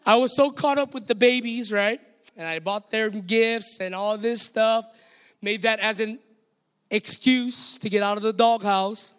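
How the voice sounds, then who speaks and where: Man, Hawaiian accent, pastor, very high voice, call-and-response preaching, long hall reverb. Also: a little slow, a bit bright, clear, resonant tone. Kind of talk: sermon. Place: church sanctuary.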